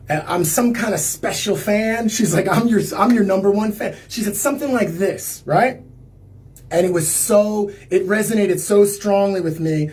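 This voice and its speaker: A man's voice: high voice, darkish tone. A man, a singer-songwriter, telling a personal story on a livestream in a loose, rambling way, full of filler words and restarts.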